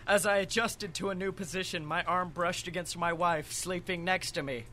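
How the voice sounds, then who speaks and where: Male podcast co-host, high and very bright voice, reads horror bits for laughs. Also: steady tone, moderate pace. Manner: laughs often, jokey asides. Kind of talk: comedic reading of horror stories.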